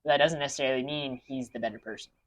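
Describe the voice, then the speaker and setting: A man talks through a loose, meandering rant, circling back on himself with fillers and restarts. His voice sits at a middling pitch, and the delivery is casual, the way he would talk among friends. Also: steady tone, racing, a bit bright. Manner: rambling, many restarts and fillers. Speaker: podcast co-host.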